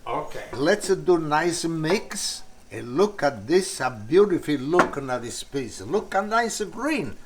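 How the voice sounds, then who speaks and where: An older Italian man with a strong accent gives a casual cooking lesson in his home kitchen, speaking broken English and enthusiastically repeating words. His voice is on the high side and sing-song, slow with few pauses, and the audio sounds roomy with a noisy background.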